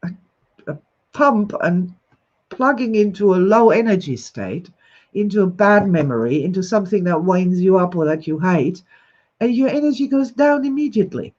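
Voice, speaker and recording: An enthusiastic, expressive woman in her sixties who laughs often as she hosts a livestream and greets her viewers. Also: medium pitch, moderate pace. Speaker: host. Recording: slightly dull lo-fi recording.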